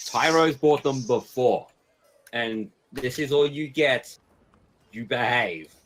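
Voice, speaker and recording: A man chatting as a player in a tabletop role-playing game, playful and quick to joke. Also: medium pitch, a bit bright, poor audio. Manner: playful, slips into a haughty noble voice. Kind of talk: casual tabletop game chat.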